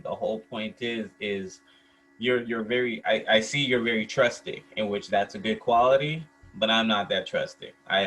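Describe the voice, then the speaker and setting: A man's voice: fairly low pitch, fairly bright tone, a little hiss or hum, poor audio. A man co-hosting a casual podcast chat, arguing his side with frequent restarts and slang. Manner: reasoning, with repeated restarts and slang. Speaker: podcast co-host.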